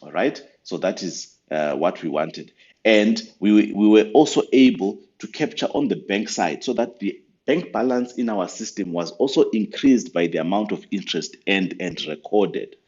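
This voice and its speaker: A very low-voiced man gives a patient, step-by-step software walkthrough for church accounts. His talk is sprinkled with ums and uhs. The audio is muffled and lo-fi, like a basic screen recording. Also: moderate pace. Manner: patient, step-by-step explaining with fillers. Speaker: church finance software trainer.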